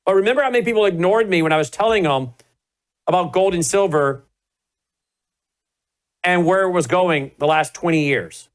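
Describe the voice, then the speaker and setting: Emphatic high-voiced male talk host. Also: normal speed, pauses often, poor audio. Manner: emphatic, talks to viewers as folks. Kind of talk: talk show monologue.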